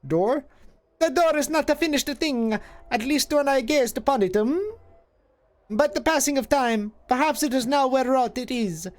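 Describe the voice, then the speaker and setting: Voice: high-pitched, pitched above the performer's own voice, close to an everyday voice. A streamer voicing an ancient female hag, cryptic and possessive, with archaic twisted phrasing and a drifting put-on foreign lilt. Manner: archaic twisted word order, hissing and drawn-out.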